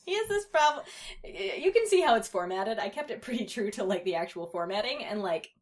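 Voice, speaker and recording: A woman's voice: mid-range voice, sing-song, a little fast. A woman co-hosting a comedy podcast, reading fan fiction aloud with laughter and mock-dramatic delivery. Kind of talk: casual chat and comic read-aloud.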